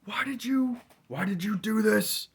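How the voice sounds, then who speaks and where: A man putting on the voice of his bossy male pet cat, shrill, demanding and accusing. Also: measured pace, slightly rough, heavily acted.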